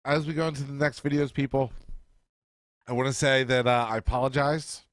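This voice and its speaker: A man's voice: medium pitch, steady tone, no echo. A man co-hosting a podcast in casual chat, arguing his points and swearing as he rants. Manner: argumentative, swearing, rapid rants. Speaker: podcast co-host.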